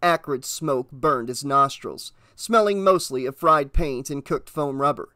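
A man narrating an audiobook in a steady, measured reading voice. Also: mid-range voice, dry recording, studio quality.

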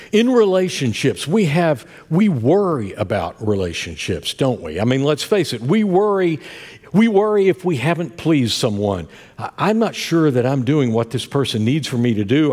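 An older man delivering a sermon, his pitch lively and rising and falling as he tells homespun family stories. His voice rings through the sanctuary with a long, lingering reverb. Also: husky. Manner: folksy storytelling with many asides. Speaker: pastor. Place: church sanctuary.

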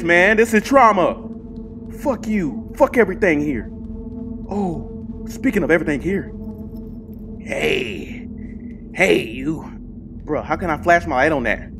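A man playing a horror game with commentary, swearing a lot and yelping and shouting when startled, chatting to his game companion. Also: on the high side, sing-song, normal speed, pauses often, noisy background. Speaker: gaming channel host.

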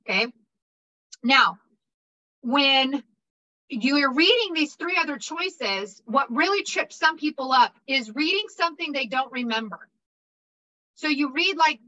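A woman's voice: sits high, sharp tone, lo-fi sound. A woman teaching exam prep in a casual, motivational way, repeating points and checking in with "okay?". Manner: upbeat, repetitive, checks in with 'okay?'. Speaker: insurance exam prep instructor.

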